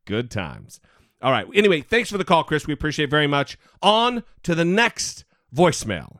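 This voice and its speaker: Guy cohosting a chatty podcast, lively pitch that jumps around, a bit high, dry close sound. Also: brisk, no echo. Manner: chatty, laughs easily, stumbles over words. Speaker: podcast co-host. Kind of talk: casual podcast chat.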